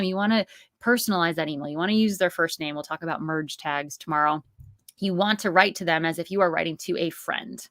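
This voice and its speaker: A woman in her thirties with a lowish voice hosts an online course on a live stream with Q&A. Her teaching is chatty and upbeat, full of asides and fillers, and the clean studio recording is dry.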